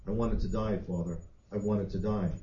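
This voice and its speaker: Troubled young woman read by a man, hushed and haunted, dark tone, roomy dull room. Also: on the low side, fairly even intonation, normal speed, slight background noise, voice pushed down, close to an everyday voice.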